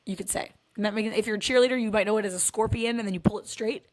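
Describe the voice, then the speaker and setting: A woman's voice: mid-range voice, fairly even intonation, very fast. A woman, a dance mom, telling comic stories about her life in a candid, wry, self-mocking way that swears freely. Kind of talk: comedic personal storytelling.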